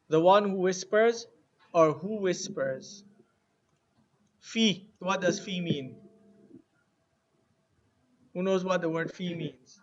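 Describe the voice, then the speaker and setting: A man teaching an Arabic lesson to a class, slowly spelling words out letter by letter and repeating them. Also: sits high, sharp tone, muffled recording.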